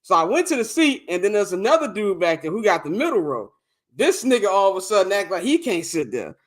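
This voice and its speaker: A young adult man co-hosting a podcast, telling a long story in a casual, animated and profane way, often laughing. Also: sits high, a little fast. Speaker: podcast co-host.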